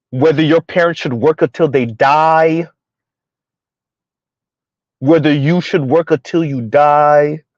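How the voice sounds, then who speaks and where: A man's voice: fairly high pitch, darkish tone, no room sound, highs cut off. A man hosting a ranting commentary video, heated and repetitive, firing rhetorical questions at his viewers. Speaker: commentary channel host.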